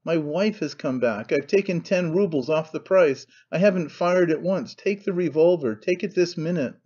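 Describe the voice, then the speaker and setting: A man's voice: on the high side, moderate pace, darkish tone, husky, highs cut off. A man voicing a desperate young husband who makes curt, urgent demands.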